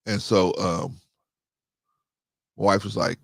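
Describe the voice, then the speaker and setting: A man's voice: on the low side, normal speed, creaky, dry recording. A man in his fifties hosting a casual monologue, telling a story and repeating phrases for emphasis. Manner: storytelling, acts out quoted dialogue. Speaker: host.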